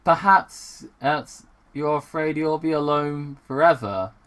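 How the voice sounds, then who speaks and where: Sonic, as a man reads him aloud: a cocky blue hedgehog. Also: slow pace. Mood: teasing. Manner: high excitable reading voice with stumbles. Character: cocky fast-talking blue hedgehog hero, male.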